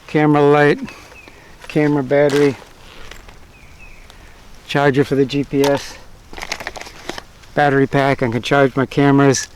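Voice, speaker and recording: Man, casual gear review, plain-spoken, middle pitch, noisy outdoor recording. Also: measured pace, pauses often. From United States. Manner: relaxed, plain-spoken, lists items one by one. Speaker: bushcraft channel host.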